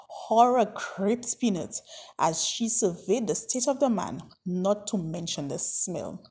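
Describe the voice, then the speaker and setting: A woman reading a children's story aloud with an expressive, varied delivery. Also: mid-range voice, measured pace, breathy edge. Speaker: narrator.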